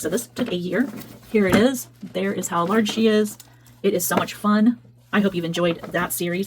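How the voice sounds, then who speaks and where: A woman's voice: mid-range voice, slight background noise, low-quality recording. A woman, chatting casually as a craft video host while flipping through her work and often correcting herself. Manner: chatty, meandering, self-correcting. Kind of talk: casual flip-through chat.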